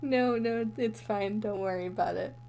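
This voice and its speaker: A woman's voice: mid-range voice, moderate pace, crowd noise. A young woman co-hosting a podcast in casual chat, giggly and easily amused, telling meandering stories. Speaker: podcast co-host.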